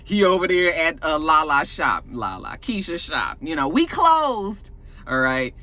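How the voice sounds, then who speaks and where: A woman casually recapping a TV episode in an animated, profane way, often acting out the characters' lines. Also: low voice, unhurried. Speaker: TV episode reviewer.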